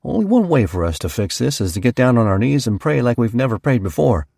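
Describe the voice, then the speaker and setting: A man's voice: medium pitch, sing-song, fast, vocal fry, dark tone, no room sound, clean studio sound, voice pushed up. A man doing a gloomy preaching deacon. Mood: solemn. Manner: solemn, preachy.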